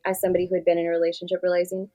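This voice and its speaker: A woman therapist for veterans, chatting casually as a guest in an interview and telling stories in a quick, filler-heavy way. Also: fairly low pitch, monotone, mellow, low-quality recording.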